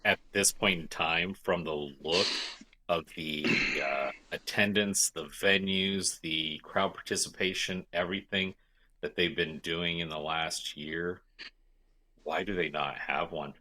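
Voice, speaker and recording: Deep forceful podcast co-host man. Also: fairly even intonation, measured pace. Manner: emphatic, repeats phrases for stress. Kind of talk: casual chat.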